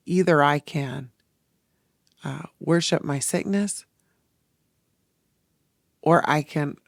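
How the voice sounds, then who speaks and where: A podcast host delivers a personal, reflective monologue, earnest and emotional, wandering through his thoughts and restarting sentences. The voice is mid-range and creaky, recorded in clean studio sound with no echo.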